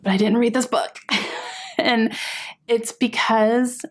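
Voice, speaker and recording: A woman's voice: on the high side, fairly even intonation, takes it slowly, a little hiss or hum. Chatty woman reviewing books. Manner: chatty, exasperated, lots of sighs and fillers. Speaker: book vlogger. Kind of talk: casual book review chat.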